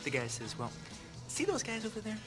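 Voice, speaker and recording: A man's voice: high-pitched, huge pitch swings, a little fast. An actor playing a man in a bar who tells a long crude joke, swearing and laughing at his own punchline. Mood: boisterous. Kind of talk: film dialogue. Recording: film audio clip with music behind. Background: music.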